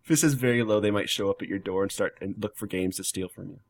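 A man's voice: deep voice, quick pace, gravelly. A man co-hosting a podcast in casual chat, joking and laughing often. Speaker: podcast co-host.

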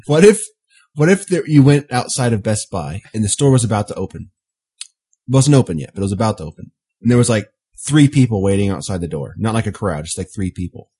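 A man's voice: lowish voice, animated, fairly quick, dark tone, breathy edge. A man co-hosting a casual podcast chat, laying out long what-if scenarios and laughing often. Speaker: podcast co-host.

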